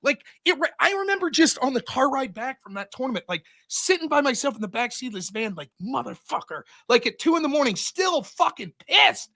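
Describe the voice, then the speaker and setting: A man in casual podcast chat, telling stories in an animated, profane way into a close mic. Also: very high-pitched, a little fast, hardly any pauses. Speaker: podcast host and debater.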